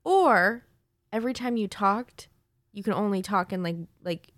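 A woman's voice: mid-range voice, lively intonation, a little slow, no room sound. A young woman co-hosting a podcast, chatting casually, reacting bluntly and posing would-you-rather questions. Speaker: podcast co-host. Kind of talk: casual chat.

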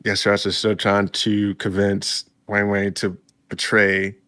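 A man's voice: lowish voice, completely flat delivery, takes it slowly, pushed and bright. A man casually recapping a story for his viewers, chatty and laid-back, breaking in with reactions. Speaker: video host recapping a story.

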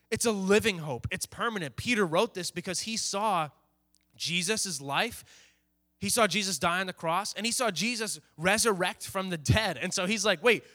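A man's voice: sits high, sharp tone. A man preaching to a youth group in a casual, conversational way, often acting out what teenagers think and say. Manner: conversational, plays out teens' inner voices. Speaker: youth pastor.

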